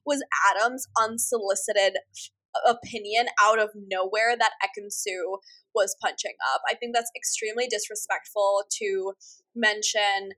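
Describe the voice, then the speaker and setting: American woman cohost, really bright voice, blunt offhand chat. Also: mid-range voice, fairly even intonation, measured pace. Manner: offhand and blunt, asks rhetorical questions. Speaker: podcast co-host. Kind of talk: casual chat.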